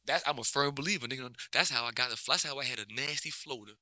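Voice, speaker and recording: New coach guy just chatting, bright edgy tone, keeps restarting, dry mic. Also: medium pitch, fast talker, dry recording. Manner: relaxed, rambling, many restarts and slang. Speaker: basketball coach, guest. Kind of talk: casual interview chat.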